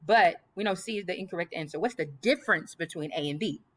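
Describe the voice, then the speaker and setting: A woman's voice: fairly low pitch, quick pace. A woman teaching a grammar lesson, emphatic and reading example sentences aloud. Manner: emphatic, repeats list items aloud.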